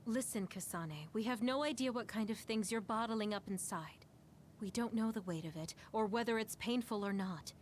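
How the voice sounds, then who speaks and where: An actress voicing a gentle, earnest young woman who supports her friend in a video game. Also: medium pitch, normal speed, slight background noise, lightly acted.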